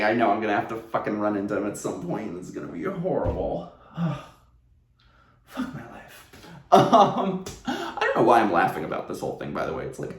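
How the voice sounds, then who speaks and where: A man telling a casual storytime at home, animated and sarcastic, laughing often. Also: medium pitch. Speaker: vlogger. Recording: roomy echo.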